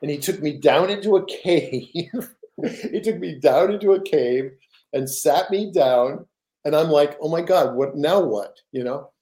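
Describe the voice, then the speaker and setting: An older man, a guest author in a casual interview, tells stories in an animated, rambling way, restarting often. His pitch is fairly high and his pace a little slow.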